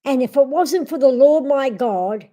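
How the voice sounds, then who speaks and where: A woman's voice: high-pitched, expressive, a little slow, mellow. A woman vlogger chatting casually and expressively to her viewers. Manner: talks to viewers and coos at her pet. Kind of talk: casual livestream chat.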